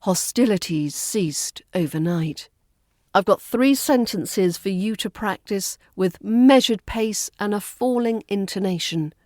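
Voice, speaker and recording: British RP accent coach, woman, unhurried and precise delivery, dry close sound. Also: mid-range voice, no room sound. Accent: Southern British RP. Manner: calm, precise, with slow model words. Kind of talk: pronunciation lesson.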